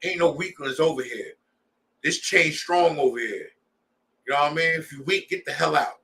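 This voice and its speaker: A man's voice: on the high side, moderate pace, vocal fry, sharp tone, far from the mic, a little hiss or hum. A man leading a scripture class, preaching in a heated, blunt way with street slang. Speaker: class leader.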